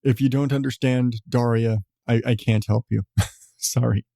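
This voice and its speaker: A man's voice: mid-range voice, steady tone, measured pace, creaky, mellow, no echo, studio quality. A man hosting a podcast, talking in a rambling, casual way with frequent swearing and chuckles. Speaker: podcast host. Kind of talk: casual chat.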